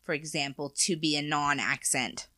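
A woman's voice: low voice, fairly even intonation, moderate pace, pushed and bright, dry recording, studio quality. A woman co-hosting a casual chat, talking freely with frequent laughs and hesitant restarts. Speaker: podcast co-host.

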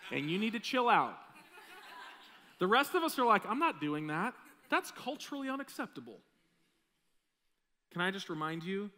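A man's voice: on the high side, bright, forceful tone, in a large hall. A man preaching a sermon as pastor in a church sanctuary, talking in a conversational, joking way with the congregation. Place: church sanctuary with a live audience.

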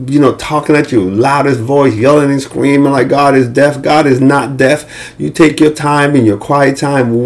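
A male pastor preaching a conversational sermon, repeating key phrases and checking in with listeners with "right?" and "okay?". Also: fairly high pitch. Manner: conversational preaching with emphatic repetition.

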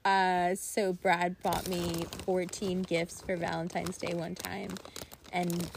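A young woman in casual conversation, her voice sitting a little low for a woman. She tells stories in a loose, rambling way, with "like" scattered through her talk. She often breaks into laughter as she goes. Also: takes it slowly, gravelly, background noise. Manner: rambling, animated storytelling with frequent "like" and bursts of laughter. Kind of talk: casual chat.

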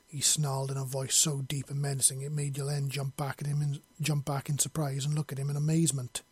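A man narrating a fantasy story in a steady, measured read. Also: mid-range voice, breathy edge, no room sound.

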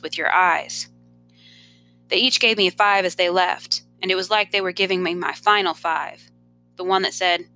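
A woman, a teacher, reading a novel aloud in an expressive first-person storytelling manner. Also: lowish voice, normal speed, faint music behind.

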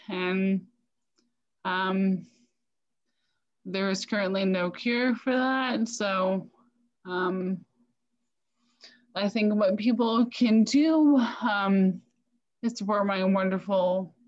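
Slow, hesitant woman on a dull line. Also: mid-range voice. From United States. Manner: slow and hesitant, many fillers. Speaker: sommelier and wine shop owner, guest. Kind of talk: casual interview chat.

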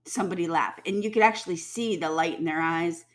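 A woman's voice: on the low side, fairly quick. A woman giving heated, blunt commentary, swearing freely and mimicking people mockingly. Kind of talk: ranting commentary.

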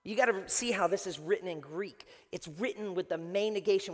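A male pastor preaching a sermon in an animated, storytelling way, with casual fillers. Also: high voice, brisk, hardly any pauses. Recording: long hall reverb.

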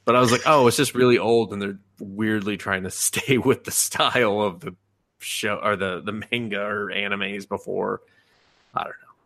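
A gravelly, fairly low male voice at normal speed, recorded at studio quality with no echo. He's a podcast co-host recapping anime conversationally, animatedly performing quotes full of profanity and laughter.

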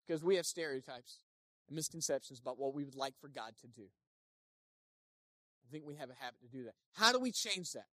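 A pastor preaching a sermon, animated, swinging between loud emphasis and quiet asides, and acting out the people quoted. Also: medium pitch, a little fast, long pauses, no room sound, clean studio sound. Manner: acts out quoted speakers in playful voices.

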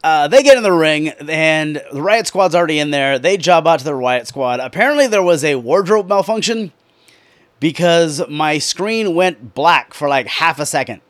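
Man, slightly high voice, dry close sound, profane and excitable wrestling recapper. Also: normal speed, no room sound. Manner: excitable, profane, animated storytelling. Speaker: wrestling commentator reviewing a show.

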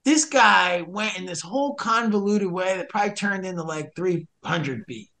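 A man's voice: high-pitched, normal speed. A man telling a story in a casual podcast chat, acting out both sides of the dialogue with sudden rises in voice. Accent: American. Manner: animated, acts out the dialogue in a raised voice, swears mildly. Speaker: podcast guest, hiker and rescuer.

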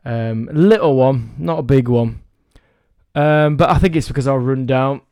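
A man's voice: mid-range voice, moderate pace, darkish tone, clear, resonant tone, no room sound, studio quality. A man with a cold hosting a casual solo podcast as a fitness coach, rambling and self-deprecating. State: has a cold, under the weather.

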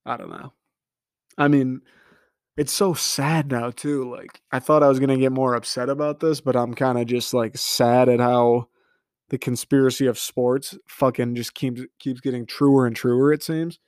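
A man's voice: medium pitch, steady tone, moderate pace, no room sound, clean studio sound. A young man from the Detroit area ranting solo about his sports teams, frustrated and profane, rambling from one point to the next. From Detroit area, Michigan. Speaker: sports podcast host.

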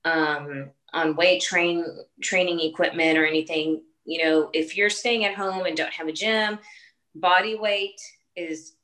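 A woman in her late forties talks through a casual interview. Her voice is on the low side but bright and forceful. She speaks earnestly in short bursts, circling back with fillers and restarts. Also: fairly even intonation, measured pace, low-quality recording. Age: 40s. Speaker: fitness trainer and competitor.

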